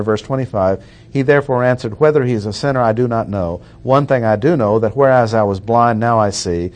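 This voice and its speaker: A man preaching an expository sermon, reading verses aloud and repeating key points with deliberate emphasis. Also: medium pitch.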